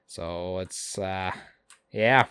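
A man co-hosting a podcast, recapping episodes casually with sarcasm, swearing and quick character impressions. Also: sits low, fairly bright tone, clean tone, no echo. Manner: sarcastic, swears a lot, acts out characters' lines. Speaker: podcast co-host.

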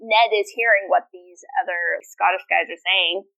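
A woman co-hosting a podcast in casual chat, animated and swearing freely as she acts out quotes. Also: lowish voice, moderate pace, gravelly, poor audio. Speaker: podcast co-host.

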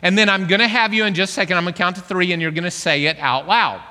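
A man preaches to a congregation, animated and joking as he coaxes them along. His voice sits high and sounds bright and forceful, and it rings out with the long reverb of a large hall. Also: fast talker. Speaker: pastor. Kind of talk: sermon. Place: church hall.

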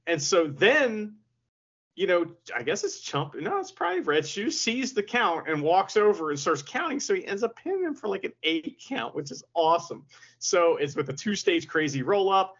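A man's voice: high-pitched, sing-song, a bit bright. A man co-hosting a wrestling podcast, giving a wry, amused match recap. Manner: wry, laughs at the action, quick recap. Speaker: podcast co-host. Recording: dull lo-fi audio.

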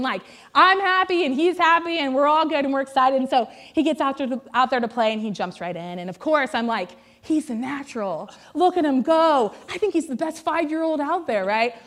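Woman, 30s, high voice, pastor's wife telling funny family stories from the pulpit, chatty and self-mocking. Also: a bit bright. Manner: chatty and self-deprecating, with many "like" fillers. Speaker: pastor's wife giving a sermon. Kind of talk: humorous storytelling sermon. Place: on stage before a church congregation.

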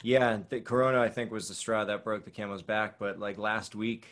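A man's voice: on the low side, fairly even intonation, normal speed, a bit bright. A young man in casual chat, rambling with fillers and casual swearing.

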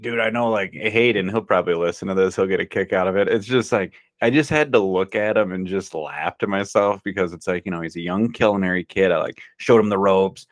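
A man's voice: low voice, a little fast, few pauses, no echo. A young man in a casual podcast chat, laid-back and enthusiastic, swearing freely as he tells stories. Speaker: podcast co-host.

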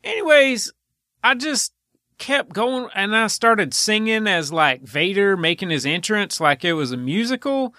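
Guy on a podcast rambling slow, bright kinda tense voice, higher pitched. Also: expressive, dry recording. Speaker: podcast host. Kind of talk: casual chat.

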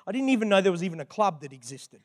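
A man's voice: sits high, sing-song, racing. An older man, a grandfather, preaching a sermon in a chatty, conversational way with frequent asides. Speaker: pastor.

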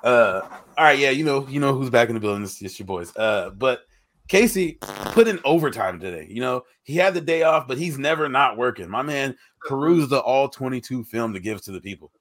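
A relaxed man co-hosting a sports podcast, teasing his friends in easy chat. His voice sits at a middle pitch and stays casual throughout. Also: a little fast. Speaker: podcast co-host.

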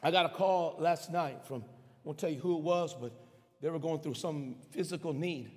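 A pastor preaching a sermon in a church, calling out to the congregation and swinging from soft delivery to shouts. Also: male voice, a little high, moderate pace. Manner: impassioned preaching with call-and-response. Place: church sanctuary. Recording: long hall reverb.

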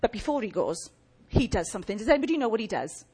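A woman preaching a lively, humorous sermon and chatting with her audience. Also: medium pitch, fast, slightly rough.

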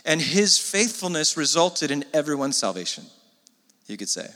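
A man preaching in a relaxed, chatty sermon style, turning to the congregation with quick asides. His voice is bright and sits fairly high, and the sound rings with the long reverb of a large hall. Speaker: pastor.

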